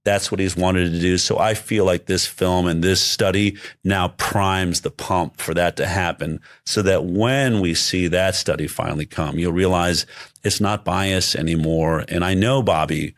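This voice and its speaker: Man with a very low voice, interview guest, emphatic, restarts his sentences often. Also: fairly even intonation, unhurried, dry recording. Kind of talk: conversational interview talk.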